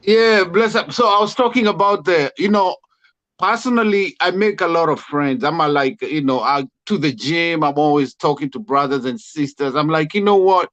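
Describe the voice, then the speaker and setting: A man from Africa with an African accent, a guest on a live video call, telling stories in an animated way and acting out what he says to people. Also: fairly high pitch, normal speed. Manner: animated storyteller, acts out his own quotes. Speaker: guest caller. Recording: muffled lo-fi call audio.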